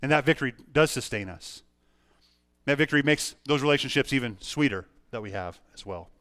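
A man's voice: mid-range voice, lively intonation, fairly quick, fairly bright tone, no echo. Earnest man preaching a sermon. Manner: personal, earnest storytelling with many restarts. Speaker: pastor.

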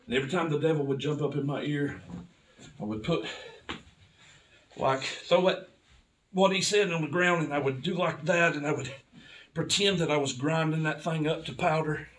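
Fervent preacher, bright voice. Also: male voice, a little high, normal speed, pauses often, far from the mic. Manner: impassioned storytelling, building to fervent cries. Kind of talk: sermon testimony.

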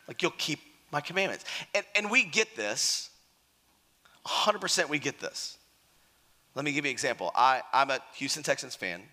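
A man preaching a sermon in a lively, conversational way, acting out the quotes he tells. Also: mid-range voice, moderate pace. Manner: animated, conversational, acts out quotes. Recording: hall reverb.

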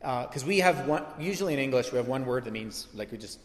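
A man preaching a sermon as pastor, animated and conversational, with asides and restarts. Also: fairly high pitch, fast, hardly any pauses. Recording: echoey hall with long reverb.

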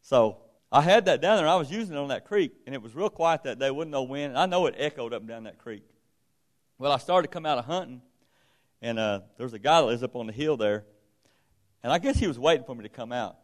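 A man's voice: medium pitch, lively intonation, fast. Folksy man preaching. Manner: folksy, conversational, retells dialogue. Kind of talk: sermon storytelling.

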